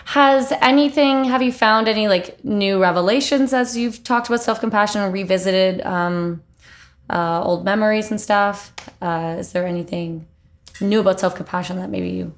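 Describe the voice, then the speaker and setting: A woman's voice: mid-range voice, normal speed. A woman hosting a podcast interview, affirming her guest and thinking through her points, with frequent fillers. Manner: affirming and thoughtful, many fillers. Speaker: podcast host. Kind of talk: interview conversation.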